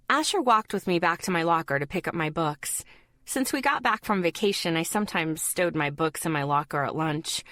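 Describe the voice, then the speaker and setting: A woman's voice: fairly low pitch, fairly bright tone, no room sound, clean studio sound. A woman narrating a first-person audiobook in a light, wry storytelling manner.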